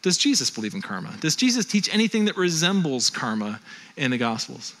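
A male pastor from Western New York preaching a sermon in a conversational, animated way. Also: a little high, a little fast.

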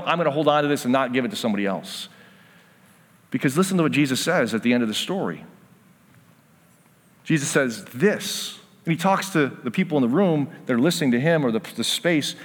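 A man preaching with earnest conviction, slipping into the voices of the people in his story. His voice sits a touch high for a man. A long hall reverb trails after his words. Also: very animated, brisk. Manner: earnest, acts out the parable's voices. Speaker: pastor. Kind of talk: sermon.

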